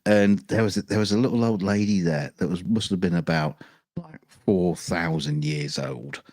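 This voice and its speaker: A man's voice: deep voice, moderate pace, a little mellow, no room sound, studio quality. A man in casual chat, telling a rambling story and laughing his way through it. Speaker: show regular.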